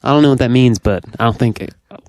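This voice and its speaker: A man from Ohio co-hosting a casual podcast, playful and quick to laugh. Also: mid-range voice, a little mellow, dry recording. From Dayton, Ohio. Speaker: podcast co-host.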